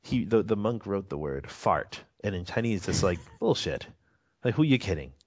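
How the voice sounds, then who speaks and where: A man's voice: deep voice, animated, moderate pace. A man telling a story as a radio interview guest, rambling with fillers and frequent chuckles. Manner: rambling, many fillers and restarts, chuckles often. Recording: dull lo-fi audio.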